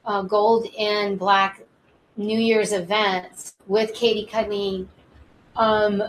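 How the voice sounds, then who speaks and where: A woman's voice: medium pitch, little pitch movement, slow. Affirming woman host, faint hiss. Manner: affirming, gentle interjections. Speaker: talk show host. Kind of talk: casual interview chat.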